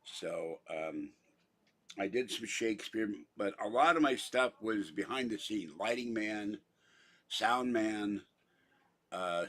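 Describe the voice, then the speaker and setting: A man's voice: low voice, a bit bright. An older man from Pittsburgh, talking in a rambling, chatty monologue full of theatrical asides. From Pittsburgh, Pennsylvania. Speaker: vlogger.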